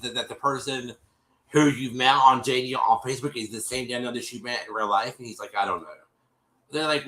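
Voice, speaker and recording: A man's voice: mid-range voice, fast talker, pushed and bright, rough recording. A man hosting a stream, casually retelling a TV episode to his viewers, rambling with many restarts and calling them y'all. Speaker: show host recapping an episode. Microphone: streaming setup microphone.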